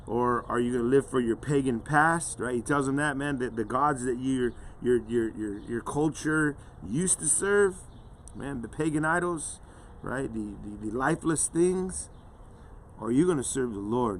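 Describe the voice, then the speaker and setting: A man's voice: mid-range voice, slight background noise. A man giving an earnest, conversational devotional sermon as a pastor, often dropping "man" and "right" into his talk.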